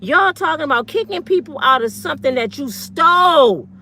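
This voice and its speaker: A woman's voice: high voice, expressive, moderate pace, sharp tone. A woman in her fifties, an online commentator, delivering a blunt, fiery, profane rant full of slang. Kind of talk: ranting monologue.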